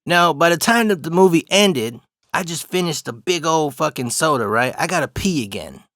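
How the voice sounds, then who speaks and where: A man's voice: fairly high pitch, expressive, moderate pace, fairly bright tone, no echo, studio quality. A man casually telling a personal story, swearing freely and often laughing. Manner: profane, laughs through the story.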